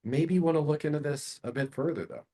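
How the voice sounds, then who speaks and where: A man role-playing a curious, easygoing caller ringing up a homeowner. The voice is lifted a good bit higher than usual, light and relaxed, with a familiar, unhurried phone manner that never sounds like a pitch. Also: husky.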